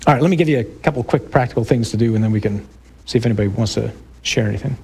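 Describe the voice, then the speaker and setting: A man's voice: mid-range voice, very fast, gravelly, a little mellow, breathy edge. A man who is a priest, giving an emphatic, preacherly parish talk to parents with jokey asides to the audience.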